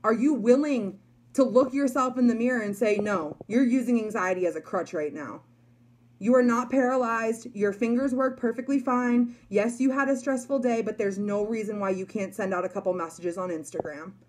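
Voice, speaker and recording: Young woman, slightly high voice, chatty motivational vlogger. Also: normal speed, a little mellow, a little hiss or hum. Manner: chatty, emphatic, many likes and you guys. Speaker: network marketer. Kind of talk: motivational talk to followers.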